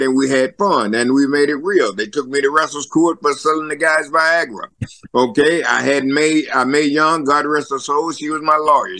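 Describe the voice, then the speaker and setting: A man's voice: fairly high pitch, bright, forceful tone, dry recording. An older man co-hosting a podcast, telling old stories in a rambling, repetitive way. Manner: rambling, repeats words, chuckles through stories. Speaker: co-host. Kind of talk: casual storytelling chat.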